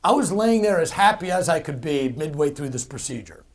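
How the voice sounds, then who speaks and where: A middle-aged man tells his own story as a guest in an interview. His voice sits a little high for a man. He talks with animated emphasis and fills the gaps with ums and restarts. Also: fairly quick. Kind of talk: personal storytelling in a conversation.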